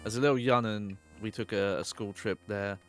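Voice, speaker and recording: Relaxed low-voiced male co-host. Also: moderate pace. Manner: relaxed, tells anecdotes with small laughs. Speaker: game commentator, co-host. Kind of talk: casual let's-play commentary. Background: game music.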